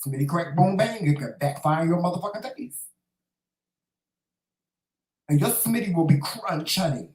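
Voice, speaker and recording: A man's voice: sits high, expressive, moderate pace, pauses often, reverberant, noisy background. A man hosting a casual livestream talk show, delivering a sassy, profane, preachy monologue and calling listeners "child" and "honey". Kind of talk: casual monologue to a live chat.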